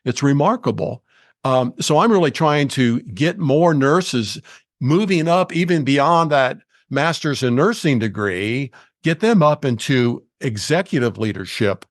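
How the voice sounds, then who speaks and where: Measured middle-aged male podcast host. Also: medium pitch, expressive, dry recording, studio quality. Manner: measured, explanatory, with small restarts. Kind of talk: conversational interview.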